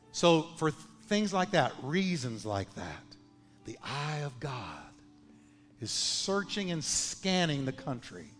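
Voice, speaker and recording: Man preaching in a reverberant church. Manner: preacherly, swings between loud calls and hushed low lines. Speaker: pastor. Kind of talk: sermon. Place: church sanctuary. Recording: long hall reverb with faint music.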